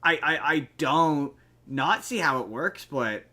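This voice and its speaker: A man's voice: on the high side, expressive, slow, bright, forceful tone. A man co-hosting a podcast in casual chat, rambling, restarting sentences and reading bits of articles aloud. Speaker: podcast co-host.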